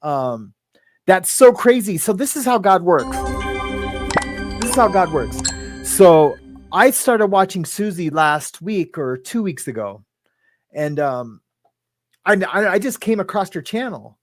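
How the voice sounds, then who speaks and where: A man's voice: high-pitched, very animated, a little slow, pauses often, dry recording, faint music behind. A man hosting a casual live stream, rambling, laughing often and greeting viewers in the chat by name. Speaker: livestream host.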